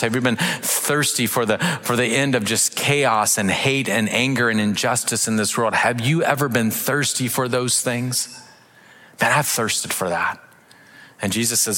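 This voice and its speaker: Animated pastor preaching in a big hall. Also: male voice, medium pitch. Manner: animated, acts out voices and reads scripture aloud. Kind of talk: sermon.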